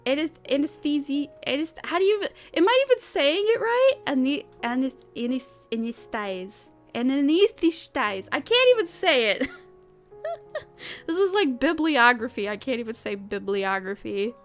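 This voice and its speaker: With soft music in the background, a young streamer plays a cleaning game and chats casually at a moderate pace. Her high, sing-song voice rambles along, tripping over words amid frequent laughter.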